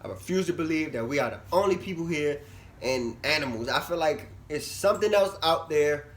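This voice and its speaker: A young man vlogging casually to camera, chatty and animated, his voice swinging from loud bursts to low mumbles. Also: fairly quick. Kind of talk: casual vlog talk to camera.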